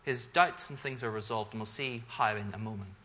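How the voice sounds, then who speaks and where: A male pastor preaching a sermon in an earnest, emphatic way, his slightly husky voice bright and forceful. He asks rhetorical questions and lets his delivery swell. The recording sounds a little dull and lo-fi. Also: fairly low pitch, fairly quick.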